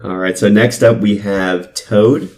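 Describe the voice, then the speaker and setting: Easygoing low-voiced young man. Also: fairly even intonation, a little slow, darkish tone, echoey room. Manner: easygoing, hesitant, many fillers. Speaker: podcast co-host. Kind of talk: casual chat.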